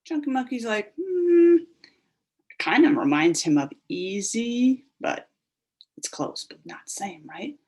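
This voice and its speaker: A woman teaching a phonics lesson to young children, stretching out sounds in an animated sing-song way. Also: mid-range voice, measured pace, husky.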